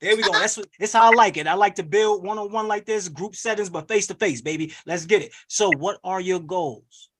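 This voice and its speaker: A man with a high, bright-pitched voice rattles off motivational lines at a fast clip. He runs an online webinar like a pep rally, energetic and preachy, pushing his audience to answer back over a video call. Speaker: wealth coach hosting a webinar. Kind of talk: hype motivational webinar coaching.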